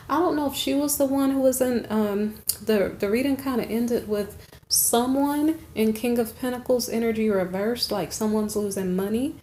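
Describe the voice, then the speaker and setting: A woman's voice: fairly high pitch, a little slow, darkish tone, slight background noise. A woman giving a chatty, rambling tarot reading, checking in with "okay?" between asides. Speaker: tarot reader. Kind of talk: casual tarot reading monologue.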